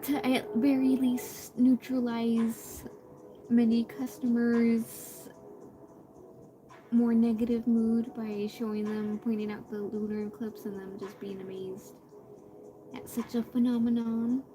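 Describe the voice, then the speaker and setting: A woman's voice: a little high, little pitch movement, takes it slowly, noisy background. A woman streamer chatting casually while she draws, rambling with lots of fillers and restarts, and greeting viewers in passing. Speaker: live streamer. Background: background music.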